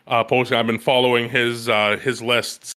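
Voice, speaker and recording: Bright-voiced guy rambling about card games, gets loud and high when excited. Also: moderate pace, clean tone. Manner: animated, jumps to high excited pitch when telling stories. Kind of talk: casual gaming chat.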